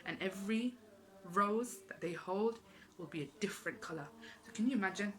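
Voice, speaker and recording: A woman's voice: mid-range voice, fairly quick, fairly bright tone, low-quality recording. A woman giving an earnest, emotional religious talk, repeating phrases for emphasis. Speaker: Islamic speaker.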